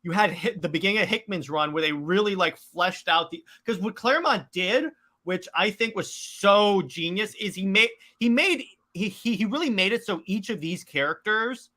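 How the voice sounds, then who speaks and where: A man's voice: high-pitched, lively intonation, moderate pace, sharp tone. A young man co-hosting a casual movie review podcast, talking with enthusiasm and often restarting his sentences. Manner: enthusiastic, rambling with many restarts. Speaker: podcast co-host.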